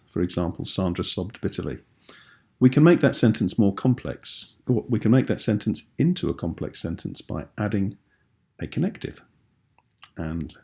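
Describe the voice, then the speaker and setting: Gravelly, husky British male teacher. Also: on the low side, darkish tone. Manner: patient and clear, slow explanatory teaching. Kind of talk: tutorial video lesson.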